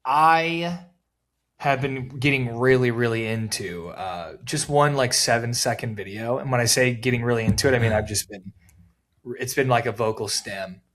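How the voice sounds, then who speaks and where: A young man co-hosting a podcast, telling stories in a rambling, deadpan way, full of fillers. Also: medium pitch, moderate pace, a little hiss or hum. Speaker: podcast co-host. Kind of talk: casual chat.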